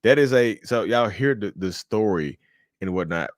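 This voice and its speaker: Deep-voiced man hosting a podcast. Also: moderate pace, dry recording, studio quality. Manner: animated, acts out angry quotes with profanity. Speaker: podcast host. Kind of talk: casual chat.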